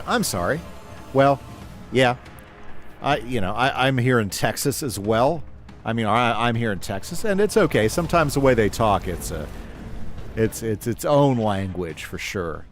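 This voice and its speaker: A man's voice: mid-range voice, lively intonation, normal speed, faint music behind. A man casually chatting with his live chat while playing a game, reading comments aloud and talking through his moves. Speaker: gaming livestreamer.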